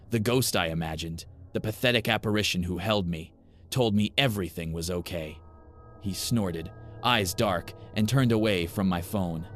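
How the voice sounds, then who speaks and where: A man narrating a first-person horror story in a grim, measured way. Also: on the low side.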